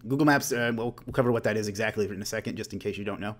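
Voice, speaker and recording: Fast-talking man hosting a webinar. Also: lowish voice. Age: late 30s. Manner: joking, self-deprecating asides; loose and conversational, with restarts. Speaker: webinar host. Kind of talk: casual webinar presentation.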